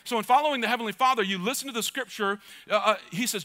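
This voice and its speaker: With a high, sharp voice and a quick pace, a man preaches a church sermon. He's energetic as a pastor, mixing in jokes on the side and calls to the congregation.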